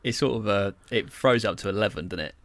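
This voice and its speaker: A young podcast co-host with a lowish, slightly bright voice talks quickly, telling stories in a rambling, casual way. His chat is packed with fillers and swearing.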